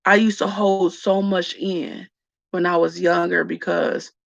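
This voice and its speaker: A woman speaking slowly and reflectively to her viewers, tearful. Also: on the low side, level tone, vocal fry, dry recording, highs cut off. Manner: slow, reflective, addresses viewers as y'all. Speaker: vlogger. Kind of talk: emotional personal talk to viewers.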